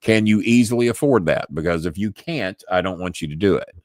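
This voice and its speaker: An older man with a Southern accent hosts a live podcast, his voice sitting very low. He rambles, restarts words and chuckles often. The sound is dry, with no room echo. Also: brisk, darkish tone. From Louisville, Kentucky. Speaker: podcast host. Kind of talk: casual live-stream chat.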